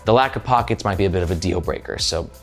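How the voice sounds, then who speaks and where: A man's voice: sits low, quick pace, soft background music. A man hosting a casual backpack review vlog, upbeat and chatty with lots of "like" and "right?". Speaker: gear reviewer, channel host.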